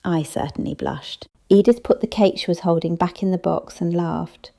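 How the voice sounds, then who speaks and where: A woman narrating a first-person audiobook in a measured, wry storytelling manner. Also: on the low side, gravelly, warm tone.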